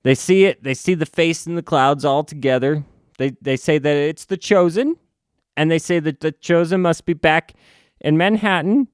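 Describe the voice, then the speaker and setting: A man reviewing a comic book in a casual recap, halting and restarting, with sarcastic asides. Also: fairly high pitch, clear, resonant tone, dry recording, studio quality.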